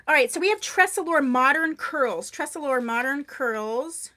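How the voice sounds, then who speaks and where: A woman hosting a live wig sale into a microphone, chatty and gushing over products, often talking loudly and answering viewers by name. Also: high voice, unhurried. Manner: tends to talk loudly. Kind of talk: live-stream sales chat.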